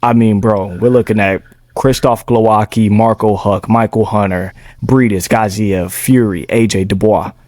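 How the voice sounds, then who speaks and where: A young man with a low voice making his case in a laid-back sports podcast. He speaks at a measured pace, drops casual slang, and sounds dry and close with no room echo. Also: steady tone, darkish tone. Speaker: podcast co-host.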